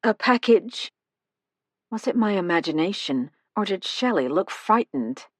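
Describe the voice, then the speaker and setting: A woman reading a first-person mystery audiobook in an even, measured way. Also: on the low side, no echo, studio quality. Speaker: audiobook narrator.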